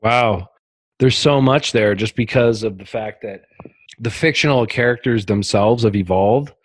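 Man, podcast guest, rambling storyteller, dark humor, dry close sound. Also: fairly low pitch, measured pace, no echo. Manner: rambling storytelling with frequent fillers; darkly humorous, animated. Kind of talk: casual podcast conversation.

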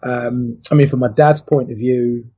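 A man's voice: medium pitch, fairly even intonation, measured pace, dark tone, slightly rough, dull audio. A middle-aged man, a former athlete, telling his story in an interview in a reflective, emotional way with many fillers.

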